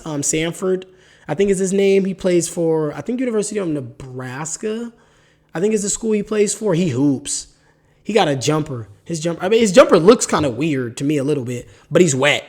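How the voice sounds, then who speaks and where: A man's voice: high voice, expressive, a little fast, a little mellow. A man hosting his own solo basketball podcast, talking casually with slang and reading off player stats, with the hiccups. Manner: casual, slangy, hype, reads off stat lines. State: has the hiccups. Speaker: podcast host. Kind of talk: solo sports podcast talk.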